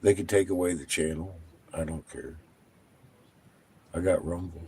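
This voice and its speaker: A man hosting his own channel, talking casually to viewers, animated and profane, laughing often. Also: low-pitched, normal speed, a little hiss or hum. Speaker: channel host.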